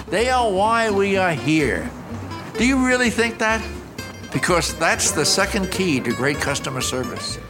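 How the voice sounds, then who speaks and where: An older man with a high, bright voice gives a storytelling talk about customer service. He swoops all over his range as he acts out each exchange, and faint music runs underneath. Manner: animated storyteller, acts out dialogue with shifting voices.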